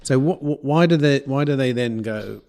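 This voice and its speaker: A man's voice: medium pitch, normal speed, darkish tone. A man hosting a podcast interview, asking probing questions and teasing his guest bluntly. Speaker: podcast host. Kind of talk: casual interview.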